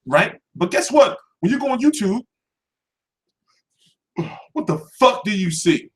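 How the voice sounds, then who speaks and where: A brash male host rants about boxing coverage, swearing freely. His voice sits a little high and swings widely up and down as he talks. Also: unhurried, pauses often. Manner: brash and animated, swears constantly. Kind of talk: profane rant to camera.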